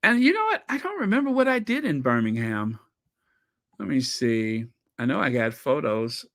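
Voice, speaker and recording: An American man with an African American accent, chatting casually and rambling excitedly while pausing to recall details. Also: medium pitch. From United States. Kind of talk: casual chat.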